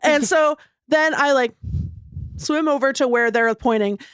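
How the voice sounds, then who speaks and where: A woman's voice: sits high, unhurried, no room sound, studio quality. A woman co-hosting a podcast, telling a rambling story in casual chat and laughing often. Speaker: podcast co-host.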